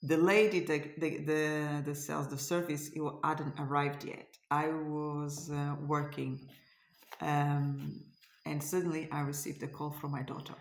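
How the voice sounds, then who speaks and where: A woman's voice: low voice, little pitch movement, measured pace, roomy sound. A middle-aged woman from Portugal with a Portuguese accent, telling a story in a casual vlog, hesitant and searching for words. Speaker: cross stitch vlogger.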